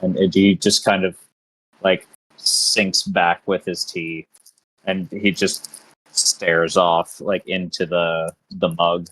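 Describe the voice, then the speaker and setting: A man playing a tabletop game, describing his character in a halting, rambling way. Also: deep voice, flat delivery, a bit bright, slightly rough, dry recording. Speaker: player.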